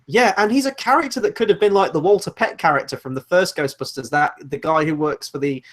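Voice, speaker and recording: A man co-hosting a film podcast, chatting casually in an animated, rambling and sarcastic way. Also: fairly high pitch, fast. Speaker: podcast co-host. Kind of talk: casual film review chat.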